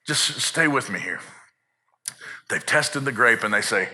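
Bright-voiced earnest male preacher. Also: mid-range voice, lively intonation, unhurried. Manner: earnest, builds urgency, repeats words when fired up. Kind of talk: sermon.

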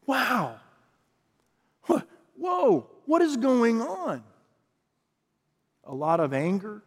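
A man with a fairly high voice preaching to his congregation. He talks like he's chatting, then leans into emphatic repeated lines. His voice rings out with a long reverb from a big church hall. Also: a little mellow. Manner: conversational preaching, builds to emphatic repeated phrases. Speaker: pastor. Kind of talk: sermon.

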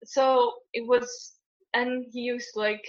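Young woman from Italy, fairly high voice, rambling chatty delivery. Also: flat delivery, slow. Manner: rambling, many fillers and restarts, laughs often. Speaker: guest co-host. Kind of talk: casual conversation. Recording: lo-fi dull audio.

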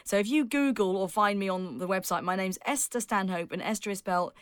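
A woman's voice: medium pitch, brisk, clear, resonant tone, no echo, studio quality. A woman, a public speaking coach and author, giving emphatic advice as a podcast interview guest and laughing often.

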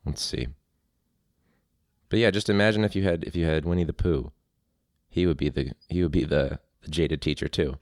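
A man's voice: a bass voice, normal speed, pauses often, dry recording, studio quality. A man, a teacher hosting a podcast, rambling casually and laughing at his own ideas. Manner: rambling, laughing, self-interrupting. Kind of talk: casual solo podcast chat.

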